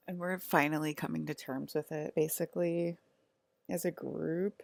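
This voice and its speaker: A woman talks straight to the camera in a loose, wandering monologue, stopping and restarting with plenty of "um" and "like". Her voice sits very low and has a strong vocal fry. The sound is close and dry, with no room echo. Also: steady tone, darkish tone. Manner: rambling and halting, many fillers. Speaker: vlogger.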